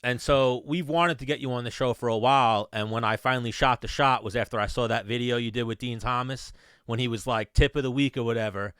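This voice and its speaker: A man's voice: mid-range voice, fairly even intonation, brisk, a bit bright, clean tone, no echo, clean studio sound. A man co-hosting a podcast, easygoing and asking a guest questions in casual chat. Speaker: podcast co-host.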